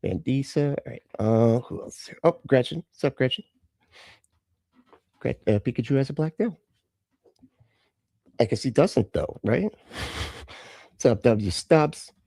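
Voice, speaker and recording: A man hosting a casual live stream, greeting viewers by name and laughing between comments. His voice is gravelly and mellow, with lively swings in pitch. The sound is dry and close. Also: a little slow, pauses often, no room sound. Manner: chatty, greets chat viewers, laughs often. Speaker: livestream host reacting to videos.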